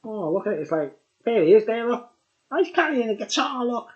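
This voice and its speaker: A man's voice: sits high, sing-song, a little fast. A tipsy man rambling through a casual beer review. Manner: rambling and chatty, full of fillers. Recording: dull lo-fi recording.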